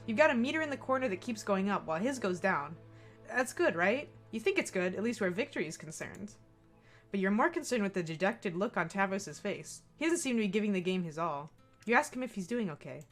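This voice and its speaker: A woman reading a visual novel's second-person narration aloud in an expressive, playful way. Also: mid-range voice, brisk, faint music behind.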